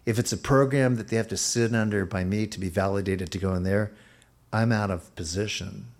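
A male pastor preaching a sermon in an unhurried, emphatic way, his voice sometimes rising suddenly. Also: on the low side, fairly even intonation.

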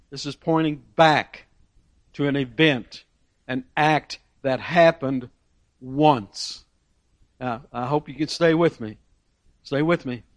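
A man's voice: on the high side, no echo. A man preaching a sermon, asking rhetorical questions and repeating key phrases for emphasis.

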